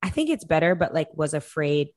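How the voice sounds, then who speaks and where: A woman in casual chat, telling lively stories and acting out quotes in a high voice. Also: brisk, dry recording, studio quality. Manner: animated storyteller, acts out quotes in a high voice.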